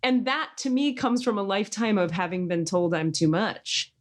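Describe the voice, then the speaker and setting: A woman's voice: mid-range voice, lively intonation, moderate pace. A woman hosting a podcast in casual chat, talking intensely and emphatically and acting out quoted voices as she tells stories. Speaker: podcast host.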